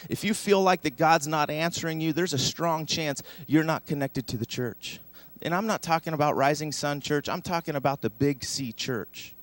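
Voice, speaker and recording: A man's voice: a little high, dry recording. A man preaching a sermon as pastor, emphatic and leading the congregation in repeating a verse. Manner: emphatic, leads congregation in call-and-response. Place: church sanctuary.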